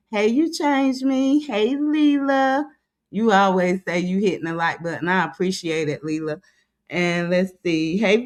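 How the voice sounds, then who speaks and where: Chatty woman greeting her livestream viewers. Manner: chatty, drawn-out greetings, drops low when reading comments aloud. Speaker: livestream host.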